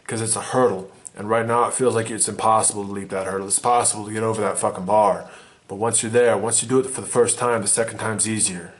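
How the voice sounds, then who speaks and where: A man giving a blunt, swearing motivational monologue to the camera as a vlogger. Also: on the low side. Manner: intense, profane, emphatic.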